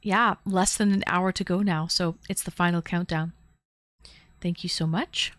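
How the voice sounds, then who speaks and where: A woman's voice: on the low side, steady tone, measured pace, dry recording. A young woman from the Toronto area, live-streaming and chatting casually, thanking viewers by name with plenty of fillers. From Canada, Toronto area.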